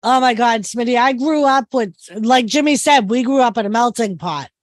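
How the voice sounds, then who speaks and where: A woman's voice: a little high, moderate pace, no echo. A woman in her thirties with a Boston accent, chatting casually on a livestream and telling stories. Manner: chatty storyteller, acts out quotes. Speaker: co-host.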